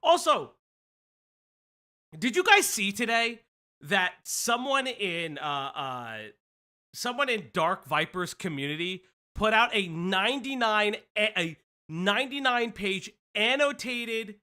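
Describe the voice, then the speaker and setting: An American man hosting a casual livestream commentary, rambling and excitable with lots of stammered restarts. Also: high voice, slow. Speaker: streamer host.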